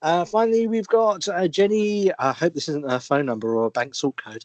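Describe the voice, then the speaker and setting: A man's voice: fairly high pitch, moderate pace, hardly any pauses, no echo. Easygoing man reading letters. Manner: agreeable, laughs along, reads listener letters. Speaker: co-host. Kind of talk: casual chat.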